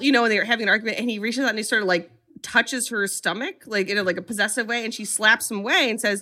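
Bright-voiced podcast lady recapping a horror flick, acting out the lines, snarky. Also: a little high, fast, few pauses. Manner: lively storytelling, acts out quotes, sarcastic asides. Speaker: podcast co-host recapping a film. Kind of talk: animated comedic film recap.

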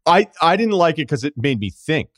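A man's voice: fairly high pitch, very animated, brisk, a bit bright, no room sound. A man hosting a sports podcast, chatting casually and rambling with self-deprecating asides into a studio microphone. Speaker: podcast host.

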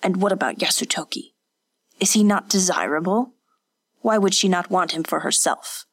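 A woman voicing a jealous, furious young noblewoman with a shrill, venomous voice. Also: moderate pace, dry recording, studio quality.

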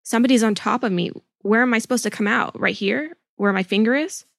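Woman reading as a scared ten-year-old girl, pleading, panicked, raised pitch, gravelly edge, dry close sound. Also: brisk, a bit bright, no room sound. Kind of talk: dramatic transcript reading.

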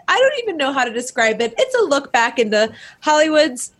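Woman podcast host, high and lively voice, excitable, gushing, shaky. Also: normal speed, few pauses, rough recording. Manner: excitable, gushing, laughs often. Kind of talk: casual chat.

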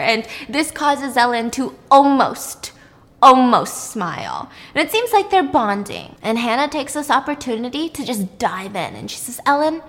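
Young woman, casual chat, animated dramatic storytelling, fairly high voice, long reverb. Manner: animated, chatty, dramatic retelling. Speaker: storyteller recapping a show.

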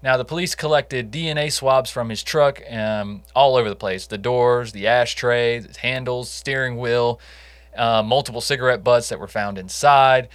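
A man's voice: mid-range voice, moderate pace, a bit bright, no room sound. Dry-sounding man recounting a true crime case. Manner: storytelling, conversational, jokey asides. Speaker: podcast co-host. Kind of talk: casual true crime podcast chat.

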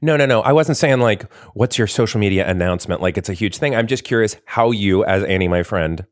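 A man co-hosting a podcast in easy, teasing banter, quick with a joke. His voice sits on the low side for a man. The recording is close and dry. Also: dry recording. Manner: joking, teasing. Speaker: podcast co-host. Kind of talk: casual chat.

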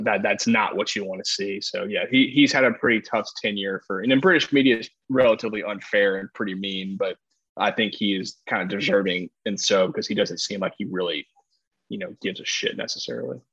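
A man's voice: fairly low pitch, fairly bright tone, breathy edge, dry recording, lo-fi sound. A man co-hosting a casual sports talk show, rambling through his points with lots of fillers and restarts. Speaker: podcast co-host, soccer analyst.

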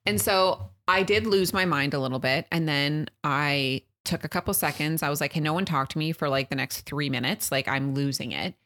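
A woman's voice: deep voice, moderate pace, few pauses, a bit bright. A woman in her thirties co-hosting a podcast, chatting casually and telling a family story with acted-out quotes. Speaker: podcast co-host. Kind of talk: casual chat.

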